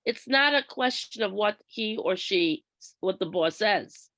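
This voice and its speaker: A woman leading a workshop, explaining step by step in a measured way and acting out workplace examples. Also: medium pitch, animated, fairly bright tone, no room sound. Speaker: workshop trainer. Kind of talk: instructional presentation.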